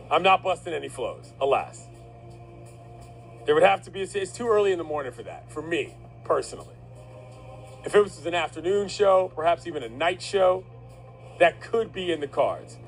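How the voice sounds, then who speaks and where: Man, radio host, high voice, laughs often, upbeat banter. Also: low-quality recording.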